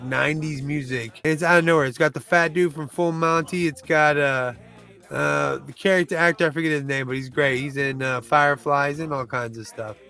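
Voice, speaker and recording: Man reviewing movies, casual countdown chat, rambling, restarts a lot, slightly high voice, faint music underneath. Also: gravelly, bright, forceful tone. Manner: rambling and loose, often restarting and groping for names.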